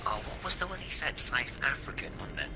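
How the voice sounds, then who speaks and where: A man chatting casually on a gaming livestream, playful and quick to swear. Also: mid-range voice, huge pitch swings, gravelly, noisy background. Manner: playful, swears when frustrated. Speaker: livestream co-host.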